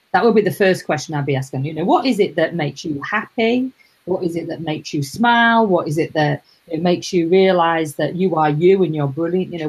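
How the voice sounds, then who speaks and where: A middle-aged woman hosting a casual live chat, rambling warmly and greeting viewers. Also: deep voice, breathy edge, poor audio. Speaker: host.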